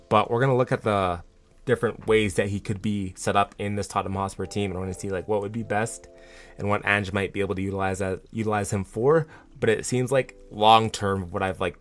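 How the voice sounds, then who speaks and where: A man with a fairly low voice, rambling through a fan vlog in a chatty, excitable way. He talks loosely, with plenty of fillers and restarts, over soft background music. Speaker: football fan channel host. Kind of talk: casual vlog commentary.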